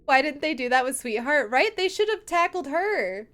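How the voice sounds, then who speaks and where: A young woman streaming a video game, reacting with excited, laughing exclamations. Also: high-pitched, normal speed, a little hiss or hum. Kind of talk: live gameplay commentary. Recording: faint game music behind.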